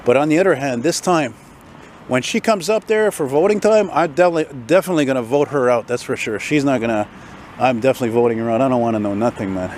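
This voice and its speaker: A man's voice: mid-range voice, fast, darkish tone, slight background noise. A tired, unwell man, ranting and rambling as he walks a city street, recording on a handheld phone. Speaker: vlogger. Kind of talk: walking vlog rant.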